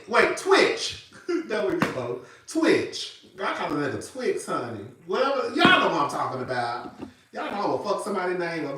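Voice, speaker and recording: A man talking casually to his viewers as a pop culture commentator, in slangy, animated speech and often laughing as he riffs. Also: on the high side, a little hiss or hum.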